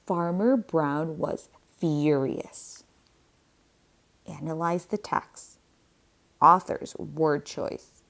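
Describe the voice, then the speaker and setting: A woman teacher reading a picture book aloud slowly and deliberately, pausing for comprehension questions. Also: low-pitched, fairly even intonation, gravelly, fairly bright tone. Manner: slow, deliberate read-aloud.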